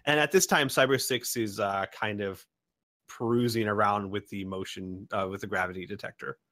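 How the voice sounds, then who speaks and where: A man's voice: fairly low pitch, steady tone, moderate pace, bright, forceful tone, no room sound, studio quality. A man narrating as game master, describing scenes with many ums and restarts. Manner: rambling narration with many fillers.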